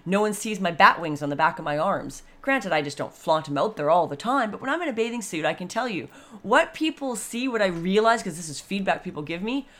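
A woman in her fifties talking in a blunt, chatty, animated monologue. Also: mid-range voice, fairly quick. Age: 50s. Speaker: vlogger. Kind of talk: casual monologue.

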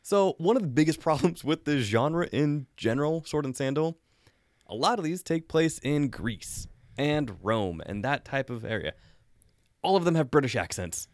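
A man co-hosting a casual podcast, talking about films in an animated, amused way. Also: on the high side, normal speed, dry recording, studio quality. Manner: animated, laughing, amused asides. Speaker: podcast co-host. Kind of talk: casual film chat.

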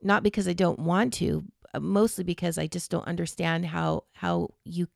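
A woman co-hosting a podcast with her husband, thoughtful and a little halting, often agreeing with short replies. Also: on the low side, fairly even intonation, gravelly, a little mellow, no echo, studio quality. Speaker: podcast co-host. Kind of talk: casual podcast conversation.

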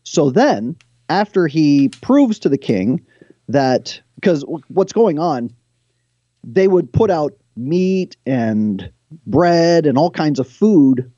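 A man who is a guest on the show, retelling stories from scripture in an animated way and reading passages aloud. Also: mid-range voice, dry recording, lo-fi sound.

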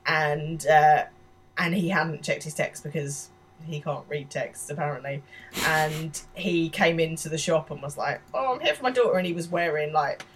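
A woman's voice: sits low, fairly even intonation, measured pace, distant mic, slight background noise. A woman from England co-hosting a podcast, retelling a TV episode and sharing a story from her school days, laughing often. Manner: laughs often, quotes characters while retelling. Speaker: podcast co-host. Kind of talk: casual recap of a TV episode.

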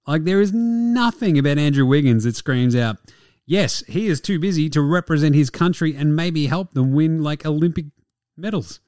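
Aussie bloke doing his sports pod, swears a lot, jokey, slightly high voice, dead dry sound. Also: lively intonation, normal speed, darkish tone, no room sound. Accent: Australian. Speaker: podcast host. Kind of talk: casual sports podcast chat.

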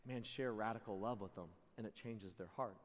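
A man giving an energetic sermon full of personal stories, his voice ringing in a large hall. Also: lowish voice, brisk. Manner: energetic, shifts into loud excited voices for quotes. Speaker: youth camp speaker. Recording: long reverb of a large hall.

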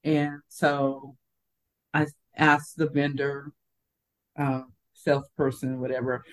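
An older woman co-hosting a casual podcast chat tells a story from her working life, animated and acting out the voices of the people in it. Her voice is very deep and slow, and the audio is poor.

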